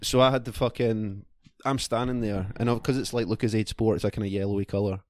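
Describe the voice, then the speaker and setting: A man's voice: lowish voice, steady tone, fast talker, no room sound. A man with a Scottish accent telling a rambling, profane anecdote in casual chat with friends.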